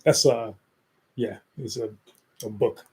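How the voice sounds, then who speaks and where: A man's voice: mid-range voice, takes it slowly, a little mellow, slightly rough. A man co-hosting a casual chat, explaining business metrics with frequent repeats and fillers. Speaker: co-host.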